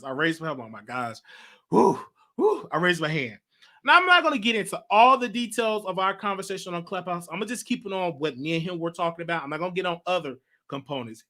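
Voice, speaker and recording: A man hosting his own show, telling a story in a chatty, animated way with slang asides. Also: fairly high pitch. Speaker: host. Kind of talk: casual livestream talk.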